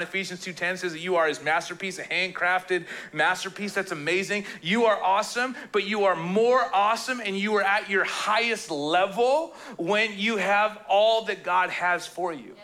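A man with a high, bright voice preaches a relaxed, conversational sermon. He tells stories with humor and quick shifts into playful quoted voices. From Canada. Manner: jokey, animated storytelling with playful quoted voices. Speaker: pastor.

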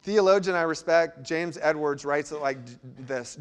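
A man pastor preaching a sermon, swinging between lively emphasis and quiet, intense passages. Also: a little high, moderate pace, few pauses, smooth. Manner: dynamic delivery, sudden drops to quiet intensity.

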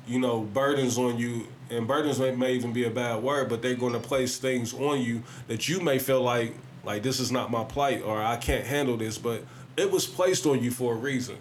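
A man's voice: medium pitch, slight background noise. Conversational man hosting a discussion. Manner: conversational, many "you know what I mean" asides. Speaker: podcast host. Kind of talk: casual discussion.

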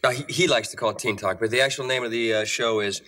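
A man's voice: mid-range voice, quick pace, natural voice. An actor playing a fussy male radio co-host who counts down and corrects his partner in a slightly pedantic way. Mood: bickering. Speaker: radio show co-host in a sitcom clip. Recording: sitcom clip with audience and noise.

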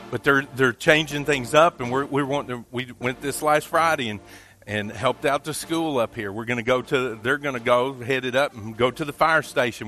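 A man's voice: a little high, sharp tone, dry recording. A man preaching a sermon as pastor in a loose, conversational way, building to emphatic rises on key points. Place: church.

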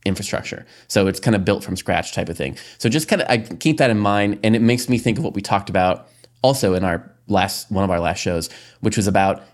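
A man hosting a casual podcast talk, his voice on the low side. He chats freely, sprinkling in likes and little laughs. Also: animated. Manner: chatty, quick to laugh, filler-heavy. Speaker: podcast host. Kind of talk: casual discussion.

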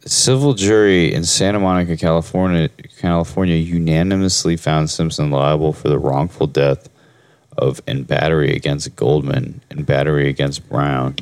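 A man's voice: extremely low pitch, steady tone, normal speed, darkish tone. A man co-hosting a podcast, reading facts aloud and giving terse replies in casual chat. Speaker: podcast co-host.

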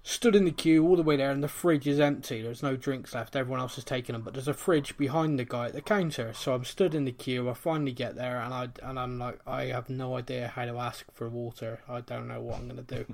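A man's voice: medium pitch, fairly quick, few pauses. A man from England co-hosting a casual football podcast, telling a jokey anecdote. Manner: storytelling, jokey, animated. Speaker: podcast co-host. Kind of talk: casual chat.

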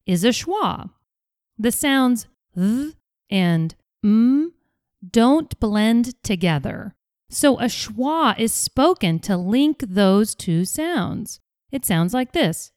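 Woman, podcast English teacher, slow pace, careful enunciation, dry close recording. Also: on the high side, sing-song, no room sound. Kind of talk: scripted podcast lesson.

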